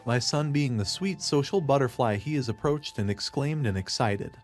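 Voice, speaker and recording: A man's voice: medium pitch, normal speed, soft background music. Man narrating a first-person story.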